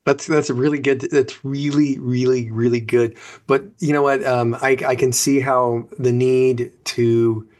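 A man hosting an interview, asking questions in a halting way and repeating words as he goes. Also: mid-range voice, flat delivery, a little mellow. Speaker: host.

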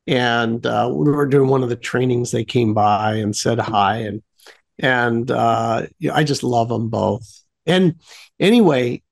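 A man telling a casual story as a radio show guest, rambling with many fillers and restarts, animated at the fun parts. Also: mid-range voice, a little slow, gravelly.

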